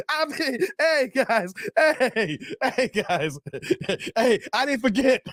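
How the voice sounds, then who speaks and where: A man hosting a casual livestream, animated and laughing often as he talks straight to his viewers. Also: very high-pitched, slow, no room sound, studio quality. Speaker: channel host.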